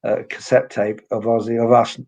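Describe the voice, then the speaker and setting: A man being interviewed as a guest musician, talking in an unhurried, reflective way and often repeating words as he starts a thought. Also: mid-range voice, little pitch movement, creaky, darkish tone, rough recording. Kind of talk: casual interview conversation.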